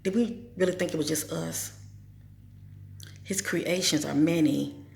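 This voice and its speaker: Woman host, informal spiritual talk, preachy with rhetorical questions, fry in the voice, echoey room recording. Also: deep voice, fairly even intonation, measured pace, a little mellow.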